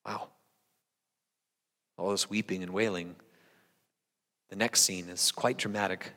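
A man's voice: sits low, fairly even intonation, measured pace, sharp tone. A pastor in his forties reading scripture and preaching a sermon in a conversational, self-deprecating way with frequent asides. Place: church sanctuary. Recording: long reverb of a large hall.

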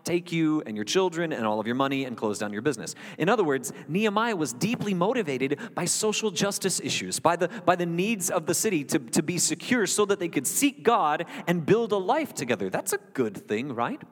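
A man's voice: on the high side, sing-song, brisk, hardly any pauses, big-room sound. A man preaching a sermon as the pastor, earnest and conversational, with wry asides to his congregation.

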